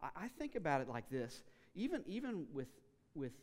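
A man preaching a sermon as a pastor, telling the story in a casual, animated way with frequent restarts. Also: on the high side, moderate pace, long reverb tail.

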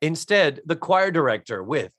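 A man co-hosting a casual podcast chat, animated and profane, often acting out lines. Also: on the high side, moderate pace, breathy edge, dry recording, studio quality. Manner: animated, profane, acts out lines in character voices. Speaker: podcast co-host.

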